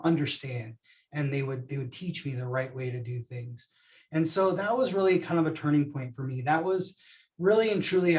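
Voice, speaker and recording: A man's voice: fairly high pitch, recorded from a distance. A man in his thirties, a podcast guest candidly telling a personal story and acting out the voices in it.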